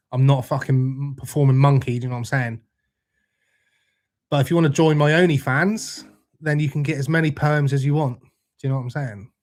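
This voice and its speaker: A man's voice: mid-range voice, fairly even intonation, a little fast, pauses often, darkish tone. A British man hosting a casual livestream, answering viewer comments with laid-back, jokey banter and frequent swearing. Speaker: livestream host. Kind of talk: casual live chat reading comments.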